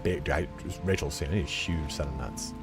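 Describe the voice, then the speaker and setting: A man's voice: rumbling low, moderate pace, music in the background. A man streaming a video game, chatting casually in a rambling, frank and profane way, full of fillers. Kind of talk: casual chat while playing.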